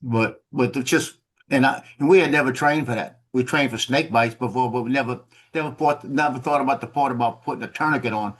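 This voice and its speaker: A man's voice: mid-range voice, brisk. A man casually telling a story over a video call, rambling and repeating words, laughing at his own tale.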